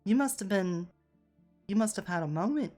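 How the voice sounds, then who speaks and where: A woman's voice: mid-range voice, expressive, normal speed, dark tone, faint music behind, natural voice. Woman putting on a chatty young Londoner. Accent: London, put on. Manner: chatty, calls people love.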